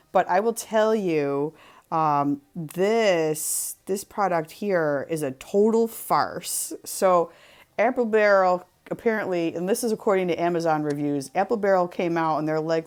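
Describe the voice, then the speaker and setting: A woman's voice: lowish voice, normal speed, darkish tone. A young woman hosting a craft show, chatty and giggly as she demonstrates a printing project. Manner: giggly, chatty, self-deprecating.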